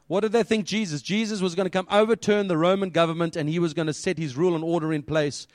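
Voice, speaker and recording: Male pastor, slightly high voice, lively, keeps quizzing the listeners; dry, close sound. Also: quick pace, no room sound. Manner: lively, questioning the audience, quoting scripture. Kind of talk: children's sermon.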